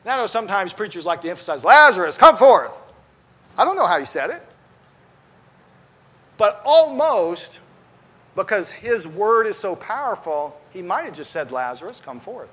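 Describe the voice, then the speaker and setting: A man's voice: sits high, sing-song, moderate pace, long pauses. A man preaching a sermon, earnest and conversational, with restarts and asides, quoting scripture in old-style wording.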